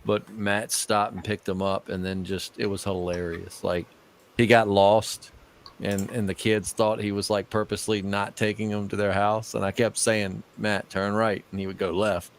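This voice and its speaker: A man's voice: lowish voice, level tone, normal speed. A man in his thirties, a podcast host, telling a rambling story in casual chat and laughing between the lines. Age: 30s. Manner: laughing storyteller, puts on voices for friends.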